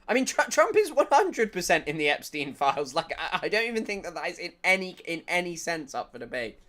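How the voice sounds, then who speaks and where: A man's voice: sits high, big pitch swings, brisk, pushed and bright. A man doing casual livestream news commentary, rambling and jokey, laughing often and reading chat comments aloud.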